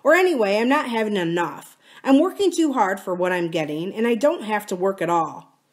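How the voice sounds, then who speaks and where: A woman reading the lines of a restless, wistful young male farmer in a quiet, musing way, close to her own voice. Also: mid-range voice, expressive, brisk, pitched above the performer's own voice, lightly acted.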